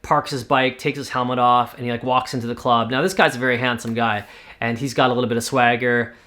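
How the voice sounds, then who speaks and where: A man from Canada casually pitching a TV series, talking in a rambling way with lots of fillers. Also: level tone, quick pace, sharp tone. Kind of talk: casual spoken story pitch.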